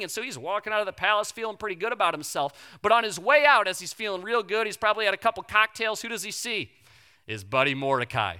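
A preacher telling a Bible story in a loose, conversational sermon style, full of slangy asides. The voice sits mid-pitch and has a bright, ringing edge. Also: quick pace. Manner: casual and animated, slangy asides.

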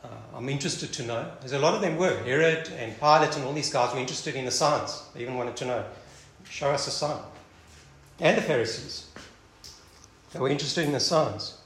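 A man's voice: medium pitch, brisk, long pauses, fairly bright tone. A man teaching a Bible passage in a conversational sermon, thinking aloud and often restarting or repeating words. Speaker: preacher. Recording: echoey room, faint background noise.

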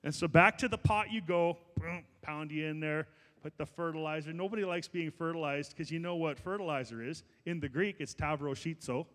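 A man preaching a sermon as pastor, building to loud, fervent exhortation. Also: a little high, a little fast, in a large hall.

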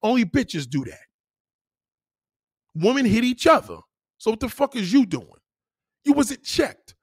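A man's voice: very high-pitched, sing-song, unhurried, husky, no echo, clean studio sound. A man hosting a live stream alone, ranting to his chat in a profane, combative, preachy way. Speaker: livestream host.

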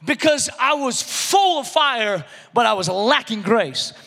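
A man in his thirties preaching a sermon in a conversational, animated way, with frequent restarts and acted-out quotes. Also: extremely high pitch, measured pace, gravelly, big-room sound. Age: 30s. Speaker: pastor.

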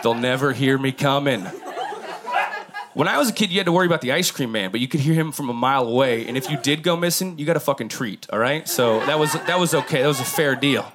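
A man's voice: on the high side, lively intonation, quick pace, few pauses, noisy background. A man doing a crude stand-up comedy set, riffing and talking straight to the crowd. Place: comedy club stage. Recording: live club audience. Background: audience laughing.

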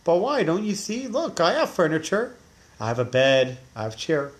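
A man voicing a gentle, patient old rabbi who calmly explains his point. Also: fairly high pitch, moderate pace. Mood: gently explaining.

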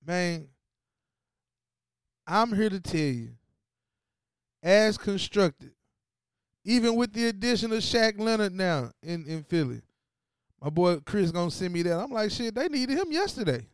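A man with a high, smooth voice rants about a game in a casual, profane, trash-talking style. He drops low and flat to read off stats, then jumps loud and excited, hammering the same phrase over and over. The sound is dry and close to the mic. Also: unhurried, long pauses, dry recording. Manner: swings between low stat-reading and loud excited outbursts. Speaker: sports podcast host. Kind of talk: animated casual sports rant.

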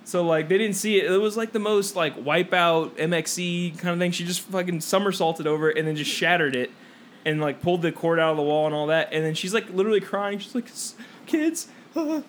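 Young male podcast co-host, higher register, loose storyteller who swears a lot, light hiss on the track. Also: steady tone, fast. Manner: rambling, laughing, swears a lot, acts out quotes. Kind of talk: casual storytelling among friends.

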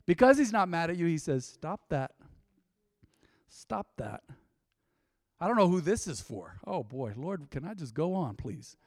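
Male pastor, fairly high voice, dry close sound, lively preaching that swells and hushes. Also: unhurried, long pauses, no echo. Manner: animated, preaching with sudden loud swells and quiet drops. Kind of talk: sermon. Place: church.

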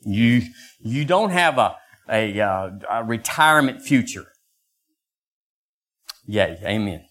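An older man preaching a sermon as pastor, acting out quoted voices in lively bursts. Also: takes it slowly. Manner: animated, acts out voices with sudden high pitch jumps.

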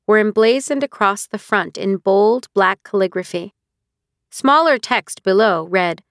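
A woman narrating a novel as an audiobook reader with a measured, even storytelling delivery on a close studio mic. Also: medium pitch, no echo. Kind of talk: scripted narration.

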